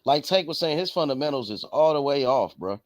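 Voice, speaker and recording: High-voiced man talking slangy and emphatic. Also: lively intonation, brisk, dry recording. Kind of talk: casual chat.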